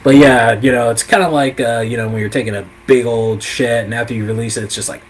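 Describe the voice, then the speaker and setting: A man's voice: mid-range voice, fairly even intonation, normal speed, low-quality recording. A man hosting a casual live show, counting down a list and talking with many fillers and small laughs. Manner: rambling, lots of fillers, chuckles often. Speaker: host. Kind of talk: casual ranking chat about comics.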